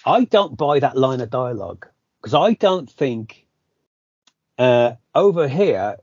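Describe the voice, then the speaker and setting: A man's voice: medium pitch, sing-song, slow pace, a little mellow, muffled recording, slight background noise. A British man co-hosting a podcast, chatting casually about a film, rambling with lots of restarts. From Britain. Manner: rambling, self-correcting, many restarts. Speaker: podcast co-host.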